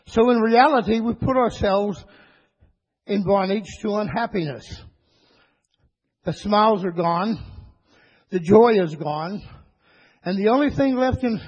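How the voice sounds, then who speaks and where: A man preaching a sermon to his church, rising into high, excited bursts and calling for amens. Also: husky. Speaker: pastor. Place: church sanctuary. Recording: dull lo-fi church recording with long reverb.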